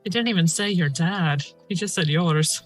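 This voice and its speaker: A woman's voice: on the low side, moderate pace, faint music behind. A woman player joking around at a tabletop game. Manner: joking, animated. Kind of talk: casual table banter.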